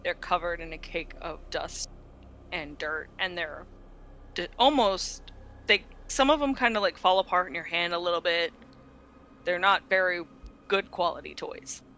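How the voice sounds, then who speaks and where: A woman's voice: on the low side, moderate pace, a bit bright. A woman narrating as game master, describing scenes with frequent ums and restarts.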